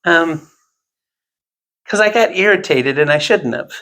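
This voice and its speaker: A man's voice: fairly high pitch, lively intonation, unhurried, pushed and bright. A man telling a long, rambling personal anecdote in casual chat, with self-deprecating asides.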